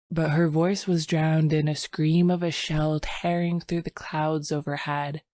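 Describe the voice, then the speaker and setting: A woman narrating an audiobook in a slow, measured, somber way, recorded dry and close. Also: deep voice, flat delivery, a little mellow, dry recording. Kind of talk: scripted narration.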